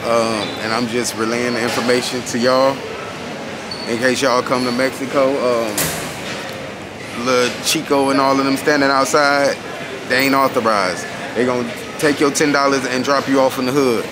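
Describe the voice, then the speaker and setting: A man talking casually to camera about travel tips, slangy and animated, full of fillers. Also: medium pitch, normal speed. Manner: loose, slangy, animated storytelling with many fillers. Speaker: travel vlogger. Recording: roomy sound with faint ambient noise.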